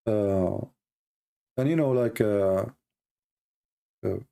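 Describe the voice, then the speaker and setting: A man hosts a livestream in a gravelly, dark voice, his non-native English full of broken grammar. He talks emphatically, peppers his lines with "you know," and pushes higher and hotter when he turns on his critics. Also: very slow. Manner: emphatic, grows heated and high-pitched when mocking critics; frequent "you know" and repeated words. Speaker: livestream host. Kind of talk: casual spoken monologue.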